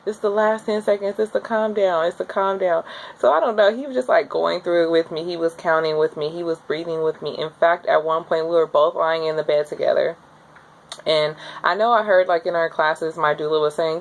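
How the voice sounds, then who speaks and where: A young woman casually telling her own story to the camera, chatty and candid, with lots of fillers and lively acted-out quotes. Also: brisk. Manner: acts out quoted voices with high jumps. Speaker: new mother telling her birth story.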